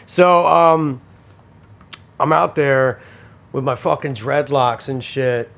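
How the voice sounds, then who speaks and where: Man, early 40s, casual profane storyteller, mid-pitched voice. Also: slow pace, vocal fry, fairly bright tone. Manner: storytelling, swears freely, laughs often.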